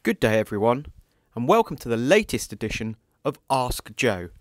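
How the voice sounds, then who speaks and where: A British man delivers an upbeat, announcer-style show intro. His pitch moves a lot as he speaks. The recording is dry and close. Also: sing-song, moderate pace, no echo. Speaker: listener sending in a show intro.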